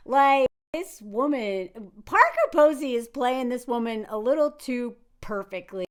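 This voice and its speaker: Animated woman, high-ish voice. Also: a little slow, few pauses, clear, resonant tone. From Nashville, Tennessee, US. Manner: animated, laughs often, restarts sentences. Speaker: video commentator. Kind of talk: casual commentary to camera.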